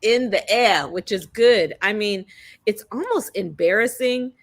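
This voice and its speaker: A woman co-hosting a radio talk show, chatty and quick to laugh. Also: medium pitch. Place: West Coast.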